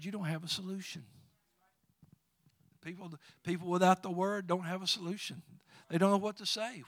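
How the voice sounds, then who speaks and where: A man's voice: on the high side, no room sound. Fervent preacher, a man with dry sound. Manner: preaching with rising fervor, quoting scripture, chuckling asides. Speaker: pastor. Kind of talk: sermon.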